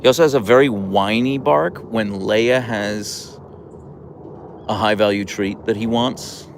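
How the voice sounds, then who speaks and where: A man's voice: measured pace, a little hiss or hum. A man chatting casually on a live stream about his dog, rambling and self-deprecating. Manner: high cooing baby talk to his dog.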